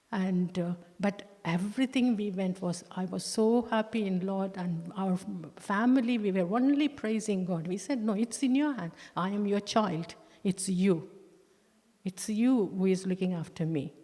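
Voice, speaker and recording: A woman giving a personal testimony in church, talking earnestly and haltingly, with many restarts and with slow stress on key words. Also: mid-range voice, dark tone. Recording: long church-hall reverb.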